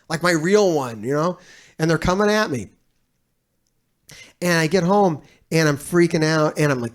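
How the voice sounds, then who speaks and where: A man giving casual reaction commentary as a streamer, telling a rambling story full of swearing. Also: a little high.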